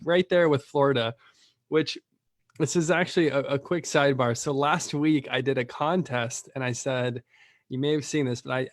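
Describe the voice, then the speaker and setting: A man who runs a lead-generation business, chatting casually and telling rambling, animated stories full of fillers. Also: mid-range voice, no room sound, studio quality.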